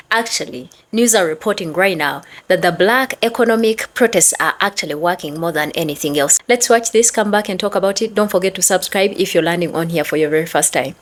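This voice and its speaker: A woman hosting her own commentary channel, greeting her viewers and then making emphatic, drawn-out points. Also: fairly low pitch. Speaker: channel host. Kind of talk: casual commentary to camera.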